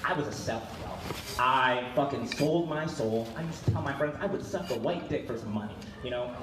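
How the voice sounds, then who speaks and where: A young man giving an angry, profane speech at an outdoor protest, rising to shouts. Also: mid-range voice, a little fast, background noise. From Wyoming, USA. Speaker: protest speaker. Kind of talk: impassioned rally speech. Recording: echoey outdoor PA from far off, loud crowd.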